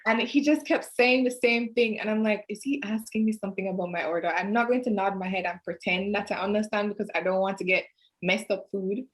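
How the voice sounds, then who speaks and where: A woman's voice: mid-range voice, fairly even intonation, fairly quick, rough recording. Chatty Jamaican woman hosting an interview. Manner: chatty, laughs often, slips into patois. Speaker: podcast host. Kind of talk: casual interview chat.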